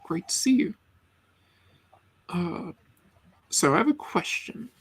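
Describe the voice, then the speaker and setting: A middle-aged man from the Boston area hosting a casual live chat, laid-back, pausing on ums and chuckling often. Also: high-pitched, big pitch swings, fairly bright tone, a little hiss or hum.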